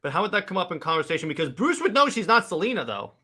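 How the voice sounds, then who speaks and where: Excited bright-voiced man podcaster. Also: high voice, rapid-fire. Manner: excited, stammering restarts, acts out quotes. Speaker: podcast co-host. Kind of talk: casual chat.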